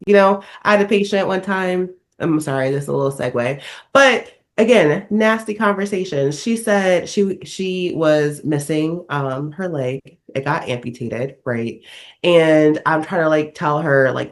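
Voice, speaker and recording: A woman's voice: fairly low pitch, moderate pace. A young woman co-hosting a podcast, chatting casually and acting out the people in her stories. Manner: animated storytelling, acts out quotes. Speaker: podcast co-host. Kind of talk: casual chat.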